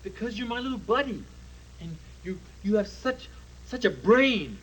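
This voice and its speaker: A man's voice: sits high, big pitch swings, normal speed, husky, exaggerated voice, poor audio. A man voicing a boastful, good-natured male dragon who keeps running for office, talking in pompous rambling patter for a TV puppet show. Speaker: puppet character. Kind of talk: 1970s TV puppet comedy.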